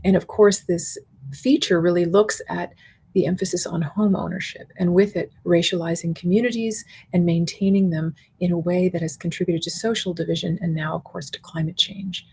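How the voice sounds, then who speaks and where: A middle-aged university professor delivers a conference keynote, articulate and measured, laying out her points as spoken lists. Her voice is lowish, dark, husky and creaky, with fairly even intonation.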